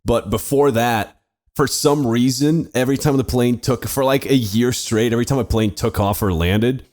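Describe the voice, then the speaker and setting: A man's voice: medium pitch, moderate pace, darkish tone. Joking, swearing podcast co-host man. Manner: loose, joking, heavy swearing. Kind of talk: casual chat.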